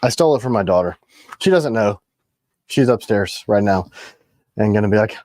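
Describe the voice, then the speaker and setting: A man, hosting a casual knife livestream from a room at home, joking and swinging his pitch up and down. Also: lively intonation, normal speed, a little mellow, no echo, studio quality. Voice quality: gravelly.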